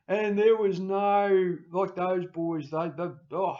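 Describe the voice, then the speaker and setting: A middle-aged man, rambling emotionally to camera in a farewell vlog, breaking into loud mimicry and laughter. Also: high voice, fairly even intonation, takes it slowly. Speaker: YouTuber signing off. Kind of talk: casual personal talk to camera. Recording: dull lo-fi home recording.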